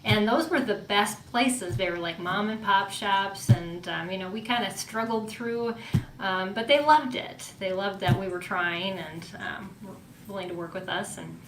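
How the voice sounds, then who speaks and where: A woman's voice: mid-range voice, normal speed. A woman hosting a podcast, chatting casually and affirming her guest with short responses and reflective asides. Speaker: podcast host. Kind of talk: casual interview chat. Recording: echoey room with faint noise.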